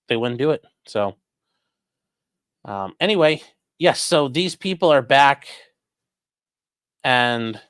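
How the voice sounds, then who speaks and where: A man's voice: mid-range voice, a bit bright, smooth, no room sound. A man hosting a casual livestream, reading chat comments and commenting bluntly with swearing and lots of fillers. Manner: blunt, profane, rambling with many fillers.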